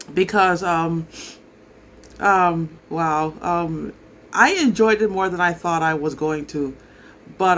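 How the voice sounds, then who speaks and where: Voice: mid-range voice, a bit bright, a little hiss or hum. A person giving a casual spoken commentary, talking hesitantly with many filler ums and restarts. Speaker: entertainment commentator.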